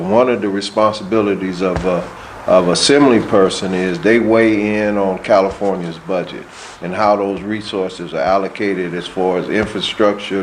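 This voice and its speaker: Man, interviewer, somewhat low voice, long rambling questions full of fillers and repeated words, faint background noise. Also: low-quality recording.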